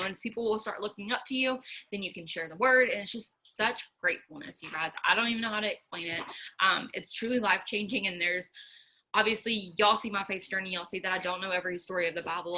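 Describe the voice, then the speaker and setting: A woman's voice: on the low side, bright, forceful tone, low-quality recording. A young woman, giving a casual, earnest faith talk to her viewers, chatty with many fillers. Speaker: faith vlogger.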